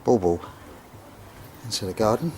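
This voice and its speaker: A man filming a casual video tour of his home kitchen and garden, talking in a meandering way with many pauses and fillers. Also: fairly low pitch, lively intonation, mellow, a little hiss or hum. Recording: music clearly behind the voice.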